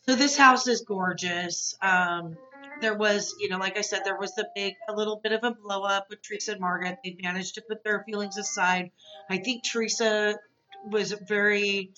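A woman's voice: medium pitch, sharp tone, highs cut off. A woman hosting a podcast, chatting casually and rambling through a reality TV recap with lots of asides. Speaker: podcast host.

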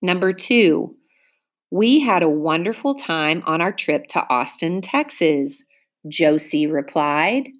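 A woman with a low, steady voice leads a class spelling test. She reads each word deliberately and puts it in a simple sentence, like a patient elementary school teacher. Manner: slow, deliberate word-by-word dictation.

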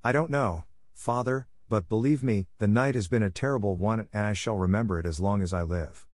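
A hungry wooden puppet boy from a storybook, whiny and pleading, his words tumbling out in long breathless strings, as a man reads him aloud. The voice is lifted above a low male tone but stays close to the reader's own. It sounds dry and close, with no room around it. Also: brisk, a little mellow, dry recording, natural voice.

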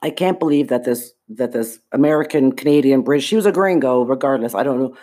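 A woman's voice: very deep voice, quick pace, mellow. A woman hosting a podcast, telling a personal story in an indignant, emphatic way, with frequent swearing. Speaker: podcast host.

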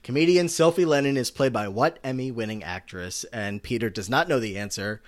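A man with a mid-range voice, speaking a little fast, co-hosts a podcast and casually chats through a recap. His talk wanders, thick with filler words.

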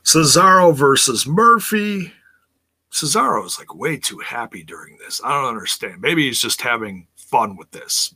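On a live stream, a man recaps a wrestling show casually, chatting with viewers and reading the chat aloud with obvious exasperation. His voice is mid-range, with a sharp tone and a breathy edge.

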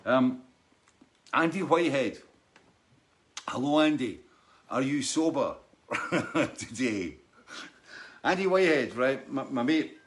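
A man's voice: mid-range voice, expressive, slow, pauses often. A man hosting a live show, chatting casually with many restarts and frequent laughs as he greets viewers by name. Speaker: host of a live online show. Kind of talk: casual chat reading out viewer names.

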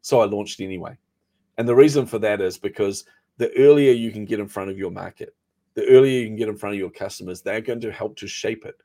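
Fast-talking man telling a story. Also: fairly low pitch. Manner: animated storyteller, acts out quoted dialogue. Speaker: guest, startup founder. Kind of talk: casual interview storytelling.

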